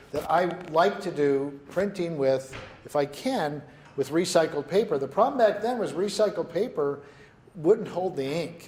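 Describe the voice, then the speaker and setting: A man giving a business workshop talk to a live audience, telling lively stories and asking the room questions. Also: a little high, a little hiss or hum. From New Mexico. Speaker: workshop presenter. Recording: echoey meeting room.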